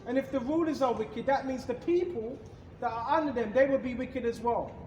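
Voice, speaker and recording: A man's voice: very high-pitched, fairly quick, darkish tone, echoey room, lo-fi sound, a little hiss or hum. A man teaching scripture in an emphatic, repetitive way, asking rhetorical questions and answering them. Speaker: preacher. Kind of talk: street-style scripture teaching.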